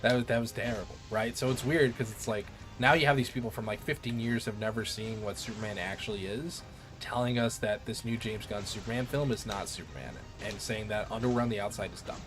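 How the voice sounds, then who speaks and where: A man streaming a game, chatting casually in an excitable, rambling way and swearing freely. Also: on the low side, fairly quick, faint music behind. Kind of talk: casual chat while gaming.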